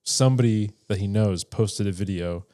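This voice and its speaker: A man co-hosting a podcast in relaxed casual chat, filling his talk with "like" and "dude". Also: lowish voice, normal speed. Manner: relaxed, chatty, says "dude" and "like" a lot. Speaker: podcast co-host.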